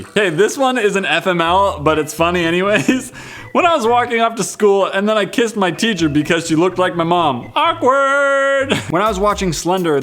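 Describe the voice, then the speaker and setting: A man in his twenties hosting a vlog, reading viewer comments in a playful, joking way. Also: a little high. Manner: playful, jokey, animated. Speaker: vlog host.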